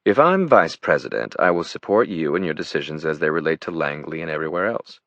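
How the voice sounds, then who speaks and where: A man voicing a calm, ambitious woman governor in an audiobook. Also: extremely low pitch, no echo, muffled recording, exaggerated voice. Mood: earnest. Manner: measured and calm. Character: female governor, composed and ambitious.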